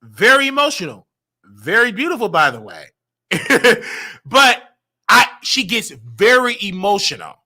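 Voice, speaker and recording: A male show host rants on a livestream, boastful and repetitive. His voice sits high and swings widely, bright and forceful. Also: very animated, measured pace. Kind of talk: casual livestream rant.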